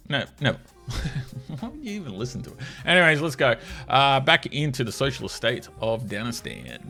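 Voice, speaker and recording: Sarcastic man ranting with lively pitch. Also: a little fast, gravelly, soft background music. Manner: sarcastic, profane and mocking, laughs between jabs. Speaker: commentator reacting to social media posts. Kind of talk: casual ranting commentary.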